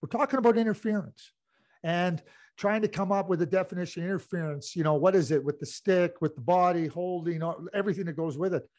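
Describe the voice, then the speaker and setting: Man, middle-aged, hockey analyst, rambling anecdotes, lots of fillers, slightly high voice. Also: fast talker, a little mellow. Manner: rambling storyteller with many "you know" fillers. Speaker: hockey analyst and former team executive. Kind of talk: anecdotal sports talk.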